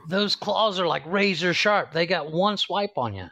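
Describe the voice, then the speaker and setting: A man co-hosting a casual podcast, with a notably high-pitched voice. He teases his partner in a relaxed, easygoing way. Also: a little slow, slight background noise. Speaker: podcast co-host.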